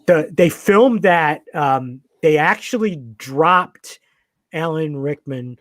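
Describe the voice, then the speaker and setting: A man's voice: on the high side, animated, slow pace, no echo. Eager, rambling man on a podcast. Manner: enthusiastic, rambling with many fillers and restarts. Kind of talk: casual podcast chat.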